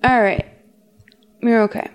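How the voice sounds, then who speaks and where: A woman hosting a podcast, recapping a movie in animated, profane casual chat. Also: a little slow. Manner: animated, profane, asks her cohost questions. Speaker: podcast host.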